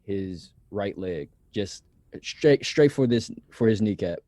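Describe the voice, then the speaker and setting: Mellow, slow male tabletop player. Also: on the low side, expressive, no echo, clean studio sound. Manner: halting, self-correcting action declarations. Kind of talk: in-character tabletop play.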